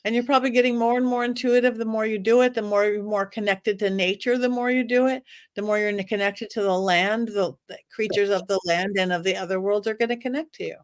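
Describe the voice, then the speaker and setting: A woman's voice: medium pitch, steady tone, fast, smooth, dry recording. A woman guest on a podcast, speaking casually and enthusiastically, rambling through ideas and plans. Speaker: psychic guest.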